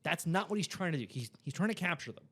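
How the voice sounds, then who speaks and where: A man co-hosting a casual podcast who explains his points calmly. His delivery stays loose and conversational, with light chuckles mixed in. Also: on the high side, quick pace, slightly rough. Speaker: podcast co-host. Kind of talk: casual recap chat.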